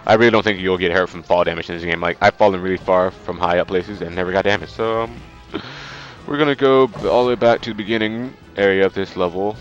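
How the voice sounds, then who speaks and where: A man's voice: low-pitched, fast. Stuffy-nosed man rambling over gameplay. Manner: rambling, chatty, with many fillers. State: stuffy nose. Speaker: let's play host. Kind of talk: casual game commentary. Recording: dull lo-fi sound. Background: faint game music.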